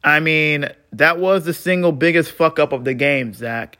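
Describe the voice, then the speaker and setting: Man, podcast host, fed-up rant, blunt cursing, bright forceful voice, fairly high pitch. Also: moderate pace. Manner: frustrated, swings between muttering and heated outbursts; blunt, swears freely. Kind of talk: solo sports podcast rant.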